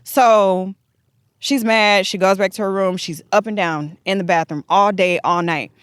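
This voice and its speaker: A woman telling a long personal story in casual podcast chat, animated and acting out the dialogue. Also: mid-range voice, measured pace, smooth, dry recording, studio quality.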